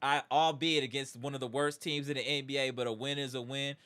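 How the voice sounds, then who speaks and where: A man's voice: mid-range voice, fairly even intonation, a little fast, pushed and bright, smooth. A man hosting a live sports reaction stream, ranting emphatically with slang and repeated catchphrases before settling into a game breakdown. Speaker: sports talk show host.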